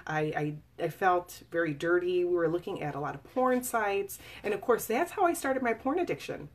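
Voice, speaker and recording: A woman's voice: lowish voice, lively intonation, moderate pace. A woman in her forties sharing a personal story in an earnest, confiding way, speaking casually with fillers and restarts. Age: 40s. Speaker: author reading and discussing her memoir. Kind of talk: personal testimony, casual live talk.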